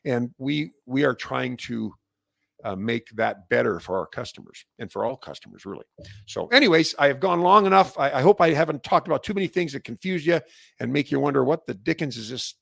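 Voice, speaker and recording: A man from Canada with a Canadian accent, hosting a casual solo industry update, rambling with restarts and growing animated when fired up. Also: medium pitch, brisk, vocal fry, dry recording, studio quality. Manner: rambling, many restarts and fillers. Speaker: host.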